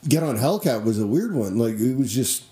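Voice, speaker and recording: A man co-hosting a casual music podcast with a relaxed, laid-back delivery. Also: medium pitch, fairly quick. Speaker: podcast co-host. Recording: echoey room.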